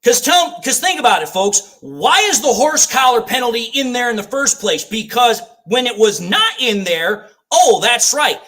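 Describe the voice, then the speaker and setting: His voice is very high-pitched and pushed, bright, with big swings in pitch, moving at a moderate pace with few pauses. He's giving live play-by-play of a football game for a fan watch party, ranting, cursing, and repeating his gripes.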